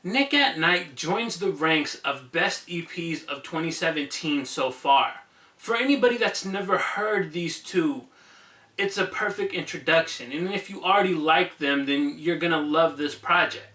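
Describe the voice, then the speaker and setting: A man's voice: a little high, animated, measured pace, pushed and bright, distant mic. A man reviewing an album for his channel in a casual, enthusiastic, conversational way. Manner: enthusiastic, conversational, some fillers. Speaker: music reviewer, channel host. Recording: echoey room, voice a bit off-mic.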